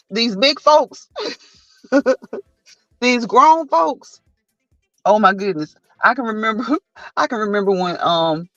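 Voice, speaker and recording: High-voiced man telling animated stories. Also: no room sound, dull audio. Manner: animated storytelling, acting out quotes; laughs often. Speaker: host. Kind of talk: casual live chat.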